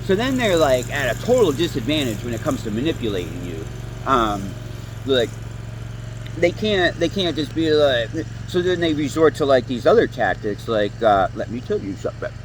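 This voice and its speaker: Man, late thirties, heated profane rant, animated intonation, outdoors, faint traffic behind. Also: medium pitch, normal speed. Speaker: vlogger. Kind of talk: ranting monologue. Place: outdoors near woods.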